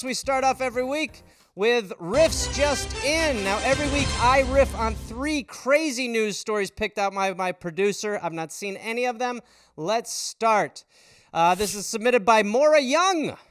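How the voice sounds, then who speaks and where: A man in his thirties hosting an improvised stand-up show, riffing loudly on news stories, swearing freely and slipping into quick character voices. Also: very high-pitched, no echo, clean studio sound. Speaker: comedy podcast host.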